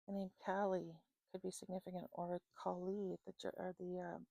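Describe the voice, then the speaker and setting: Mellow-voiced woman giving a psychic reading. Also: on the low side, completely flat delivery, gravelly, no room sound, poor audio. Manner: unhurried, many fillers and "okay?" check-ins. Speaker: psychic reader. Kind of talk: intuitive reading monologue.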